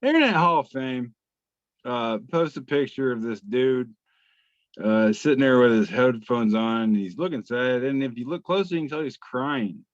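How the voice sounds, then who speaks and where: A man's voice: medium pitch, lively intonation, normal speed, no room sound. A man co-hosting a podcast in casual chat, laid-back and joking, sometimes stumbling over his words. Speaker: podcast co-host. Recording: dry, dull lo-fi call audio.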